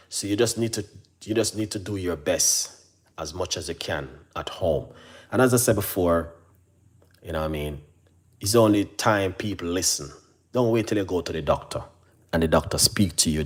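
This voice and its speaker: Deep-voiced earnest man, rambling pep talk. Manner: earnest, repetitive, keeps saying "you know what I mean"; mimics receptionists in a higher voice. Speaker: channel host. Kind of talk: casual motivational talk to camera.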